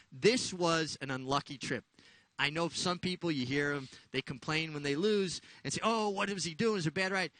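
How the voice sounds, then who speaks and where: A man co-hosting a horse racing show, explaining race replays in a measured, explanatory way. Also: fairly high pitch, bright, forceful tone. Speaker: show co-host.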